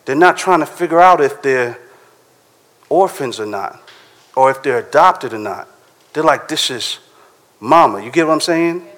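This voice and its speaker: A man's voice: a little high, expressive, moderate pace, long pauses, fairly bright tone. A man preaching a sermon in a casual, conversational way, often checking in with "right?". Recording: long hall reverb.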